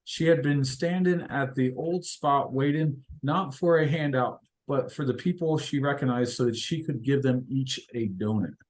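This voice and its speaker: A man leads an inspirational discussion and tells stories along the way. He speaks at a middle pitch and pauses often with fillers. His delivery is reflective and unhurried. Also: a little mellow. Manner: hesitant, many fillers, reflective. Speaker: discussion leader. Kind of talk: inspirational talk with storytelling.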